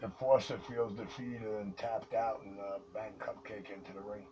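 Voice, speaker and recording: A man's voice: fairly low pitch, fairly even intonation, moderate pace. A man speaking over CB radio in a formal, declaiming, lecturing manner. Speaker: CB radio caller. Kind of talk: pompous radio announcing. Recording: muffled distant radio, hiss.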